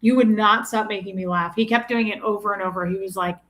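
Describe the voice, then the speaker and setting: Bright-voiced woman in her forties. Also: mid-range voice, steady tone, fast. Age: 40s. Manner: candid, blunt, swears freely. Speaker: co-host of a livestream. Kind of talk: casual chat reading viewer comments.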